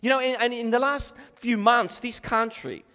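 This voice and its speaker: An Australian man delivers a sermon at a moderate pace, his voice high for a man, pushed and bright, with fairly even intonation. Earnest and emphatic, he repeats words and restarts phrases to drive points home. The long reverb makes it sound like a large hall.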